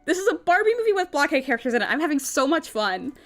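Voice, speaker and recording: Bubbly high-voiced woman streamer. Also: quick pace, soft background music. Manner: bubbly, giggly, animated line reading. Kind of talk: reading and voicing a visual novel on stream.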